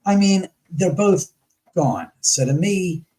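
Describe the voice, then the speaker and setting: A man guest on a live talk show, telling a story in a lively way, acting out his past arguments and swearing freely. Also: sits high, slow, crowd noise, rough recording. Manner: animated, acts out his own past arguments.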